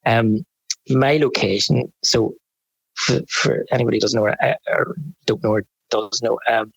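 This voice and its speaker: Northern Irish photographer, husky gravel voice, rambling and animated. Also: male voice, mid-range voice, moderate pace, dry recording, rough recording. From Northern Ireland. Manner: rambling, animated storytelling with frequent restarts. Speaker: photographer guest. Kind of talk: casual interview chat.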